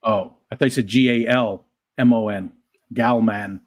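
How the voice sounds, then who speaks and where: A man's voice: on the low side, steady tone, moderate pace, dry recording. Guy rambling on a stream, keeps repeating himself, dry close sound. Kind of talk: casual livestream chat.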